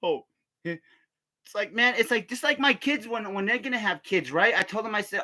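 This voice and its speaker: Casting: bright-toned guy, meandering and profane, laughing through his own stories. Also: high-pitched, lively intonation, normal speed. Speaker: vlogger. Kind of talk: casual rambling storytelling.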